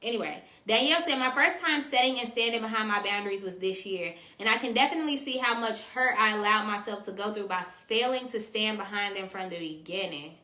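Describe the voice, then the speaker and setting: A woman's voice: mid-range voice, fairly quick, few pauses, sharp tone. A woman hosting a casual livestream, reading out viewer comments and talking straight to her viewers in a slangy, chatty way. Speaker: host. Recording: echoey room.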